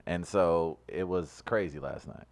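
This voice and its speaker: A man's voice: deep voice, measured pace, vocal fry. A man co-hosting a podcast, telling rambling jokey stories in casual banter. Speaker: podcast co-host.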